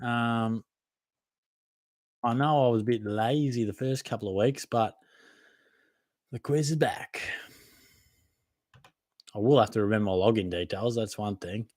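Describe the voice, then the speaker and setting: A man's voice: on the low side, fairly even intonation, moderate pace, a little mellow, no room sound, clean studio sound. A young man with an Australian accent hosting a live Q&A, reading out viewer comments and answering in a casual, matey way, often laughing at himself. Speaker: fantasy football podcast host.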